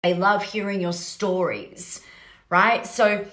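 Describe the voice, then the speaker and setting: A woman's voice: mid-range voice, fairly even intonation, slow pace, fairly bright tone. A woman hosting a solo podcast, talking energetically in a rambling, casual way and often checking in with "right?". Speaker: podcast host. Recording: roomy echo.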